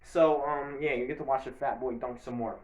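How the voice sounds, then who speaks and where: A man's voice: medium pitch, fairly even intonation, brisk. A man giving a casual, rambling sports recap to camera, breaking into bursts of mock play-by-play hype. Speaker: sports video creator. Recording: echoey room.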